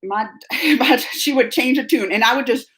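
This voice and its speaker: A middle-aged woman with a high voice tells a story on a live stream. She is emphatic and rambling, and she keeps getting fired up as she rants. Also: normal speed, fairly bright tone.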